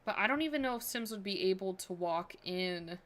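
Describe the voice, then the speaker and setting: A woman streamer chats through her building session, musing aloud and trailing off with fillers as she decides. Her voice sits at a middling pitch, relaxed and conversational. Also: a little fast. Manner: thinking aloud, chatty, filler-heavy. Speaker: game streamer. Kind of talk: casual livestream chat.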